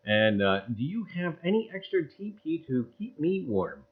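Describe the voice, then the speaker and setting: Male livestream host, very lively pitch, loud greetings and mumbled asides, dull lo-fi sound. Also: moderate pace, hardly any pauses, slightly rough. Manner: loud, sing-song greetings to chat viewers, dropping to mumbled asides; repeats catchphrases, "I tell you what". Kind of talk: casual livestream chat.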